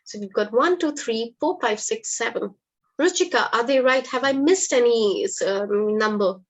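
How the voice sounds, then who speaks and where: This English teacher has a fairly high-pitched voice and talks at a normal speed, captured on a poor-quality recording. She leads a live online English class in a patient, encouraging way.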